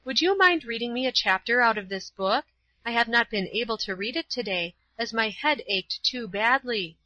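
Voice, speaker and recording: A woman voicing a kindly young female schoolteacher, ill with fever, speaking gently and earnestly in a storybook reading. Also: on the high side, animated, moderate pace, dry recording, pitched above the performer's own voice. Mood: warm, delighted. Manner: gentle, motherly, softly earnest. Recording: slightly dull, dry recording.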